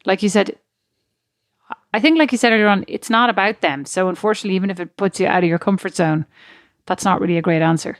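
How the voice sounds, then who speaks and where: A woman co-hosting a casual podcast, telling lively, self-mocking stories and laughing at herself. She sits in the middle of the range for pitch. Her voice is close to the mic, with a dry, deadened sound. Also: fast talker, dry recording. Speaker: podcast co-host. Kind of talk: casual chat.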